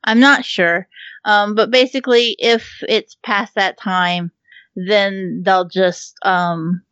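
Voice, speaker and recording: A chatty woman talking about a game she loves, with frequent laughs, casual swearing and plenty of ums. Her voice is at an ordinary middle pitch for a woman. The recording is dull and muffled, and the sound is dry with no room echo. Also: steady tone, takes it slowly, a bit bright. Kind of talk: casual chat.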